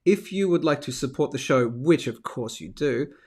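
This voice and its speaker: A man's voice: medium pitch, lively intonation, normal speed, darkish tone, husky. Chatty Australian man hosting a live stream. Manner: chatty, upbeat, reads out viewer comments. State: sick with a throat infection, coughing. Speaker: host of a live stacking show. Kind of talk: casual live-stream chat.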